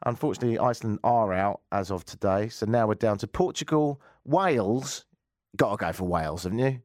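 A man's voice: fairly low pitch, lively intonation, a little fast, darkish tone, no echo, studio quality. A man hosting a radio show, giving casual commentary with wry, rambling jokes and asides. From England. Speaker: radio host.

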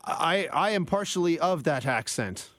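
A man's voice: fairly high pitch, animated, measured pace, fairly bright tone, no echo, clean studio sound. A man who is half Scottish, co-hosting a talk radio show, hesitant and stammering as he answers. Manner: hesitant, stammers when he starts to speak. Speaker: radio co-host.

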